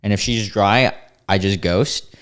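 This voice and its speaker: A man's voice: on the low side, measured pace, fairly bright tone, smooth. Laid-back young man reacting casually. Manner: laid-back, amused, reads chats aloud with restarts. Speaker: commentary host reading screenshots.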